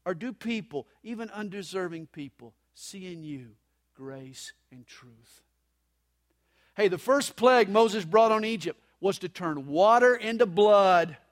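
High-voiced male pastor preaching. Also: animated, unhurried. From United States. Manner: dramatic, shifting from loud emphasis to soft, hushed delivery. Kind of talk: sermon. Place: church sanctuary during a live service.

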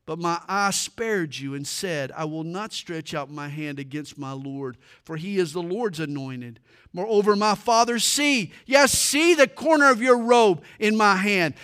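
A man's voice: sits high, fairly bright tone, smooth, pitched above the performer's own voice. A preacher reading as a resolute young future king. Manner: solemn, emphatic declaring.

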